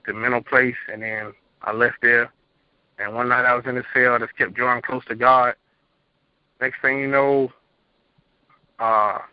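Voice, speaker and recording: A man's voice: mid-range voice, dry recording. A young man calling in to a show, earnestly telling his story in a plain, rambling way over a phone line. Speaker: caller. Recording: muffled phone-line audio.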